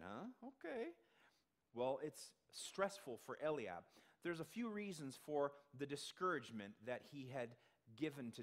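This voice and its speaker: A male pastor delivering a sermon in a conversational way, asking the congregation questions and acting out the voices he quotes. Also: medium pitch. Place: church sanctuary.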